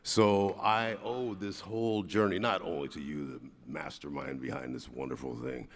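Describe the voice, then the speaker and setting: A man speaking on a convention panel, telling a halting anecdote with many fillers. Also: deep voice, fairly even intonation, vocal fry.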